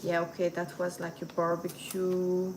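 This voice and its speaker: A woman's voice: lowish voice, completely flat delivery, measured pace, noisy background. A middle-aged woman with a French accent, chatting casually with viewers as a host and dropping in French and Japanese words. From France. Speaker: channel host. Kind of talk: casual livestream chat.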